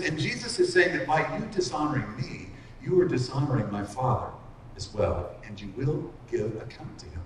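A middle-aged man preaching an expository sermon, earnest and slowing down to stress key lines. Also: on the high side, a little hiss or hum. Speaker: pastor. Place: large hall with long reverb. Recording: echoey hall from far off.

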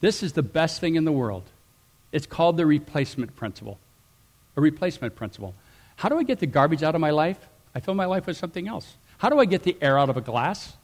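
A middle-aged man preaching a sermon, animated, swinging between loud emphatic rises and quiet asides. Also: on the high side, fast. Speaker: pastor.

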